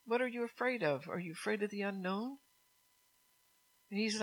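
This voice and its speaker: A woman's voice: mid-range voice, moderate pace, pauses often, fairly bright tone, poor audio. A woman preaching a sermon to her congregation, earnest and repetitive, with frequent laughs.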